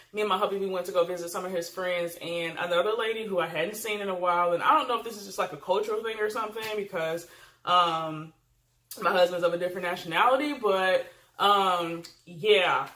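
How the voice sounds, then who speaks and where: A woman's voice: on the low side, a bit bright. A woman vlogger giving casual advice to camera, chatty and emphatic, with frequent fillers. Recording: roomy echo.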